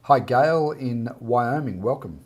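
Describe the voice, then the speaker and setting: An Australian man hosts a casual live chat for his art students. He reads comments aloud and greets people one by one in an easy, friendly way, at an ordinary middle pitch. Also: slow. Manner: warm, relaxed, reads out viewer comments and greets each by name. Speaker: art teacher hosting a live Q&A.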